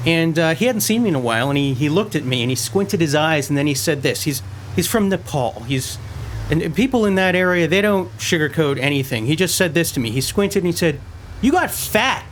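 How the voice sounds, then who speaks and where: A man's voice: on the high side, expressive, fairly quick, a little hiss or hum. A man giving rambling, self-mocking commentary over a game he plays at home, often stumbling over his words. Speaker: let's-play gamer. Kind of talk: casual gameplay commentary. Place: messy room at home. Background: loud car and game sounds.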